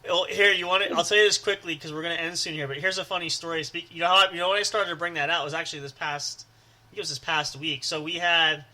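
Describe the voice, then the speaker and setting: Bright upbeat man chatting and laughing. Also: on the high side, steady tone, fast. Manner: laughing, stammering impressions of movie lines. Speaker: podcast co-host. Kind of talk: casual chat.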